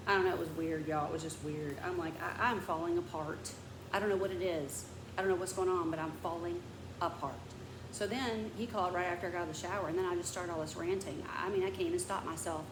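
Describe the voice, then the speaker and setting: A woman vlogs in a casual, chatty way, speaking fast in a low-ish voice with fairly even intonation. She rambles through a story and vents, sometimes dropping to a whisper, recorded in an echoey room with background noise.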